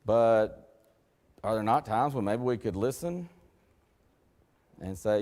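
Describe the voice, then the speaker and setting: Preacher in a reverberant sanctuary. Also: male voice, expressive, normal speed, pauses often. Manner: folksy and conversational, acts out quoted voices; swings between loud emphatic lines and hushed low passages. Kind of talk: sermon. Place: church sanctuary. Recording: long hall reverb.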